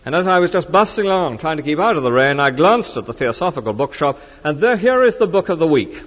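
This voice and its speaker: A middle-aged man preaching, his voice leaping about in pitch as he moves between emphatic declarations and hushed asides. He sounds conversational rather than stiff. The recording is muffled and lo-fi, with a long reverb trailing each phrase. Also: very animated, fast talker, few pauses. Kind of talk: sermon. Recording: dull reverberant hall recording.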